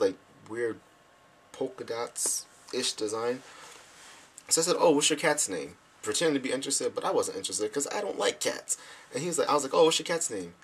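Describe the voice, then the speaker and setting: A man's voice: mid-range voice, slight background noise. A young man telling stories casually to friends back home, acting out his own reactions as he goes. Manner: animated, acts out quoted reactions. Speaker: vlogger.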